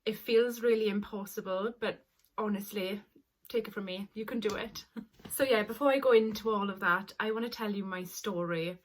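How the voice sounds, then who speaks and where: A young woman in her twenties speaks straight to her viewers in a heartfelt confessional vlog. Her voice sits at an ordinary middle pitch. She is earnest and apologetic, and at times close to tears. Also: moderate pace. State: tearful at times. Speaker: vlogger. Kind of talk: personal confessional story.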